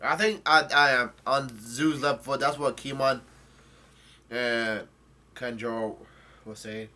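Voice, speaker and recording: A man's voice: mid-range voice, steady tone, slow, sharp tone. A man giving a loose, rambling recap of a comic chapter, stumbling over his words and restarting as he goes. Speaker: manga chapter reviewer. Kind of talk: casual chapter recap, reading lines aloud.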